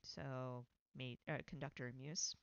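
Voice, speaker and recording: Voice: medium pitch, steady tone, measured pace, clear, resonant tone, dry recording, muffled recording. A stream host chatting casually about their own writing, rambling and correcting themselves as they go, often laughing. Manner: rambling, self-correcting, with frequent fillers and laughs.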